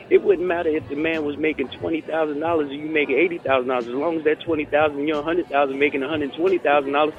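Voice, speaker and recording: A man's voice: on the high side, fairly even intonation, racing, hardly any pauses. A man hosting a casual chat, talking things through reflectively and often repeating words as he thinks. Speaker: podcast host. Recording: muffled lo-fi audio with faint music.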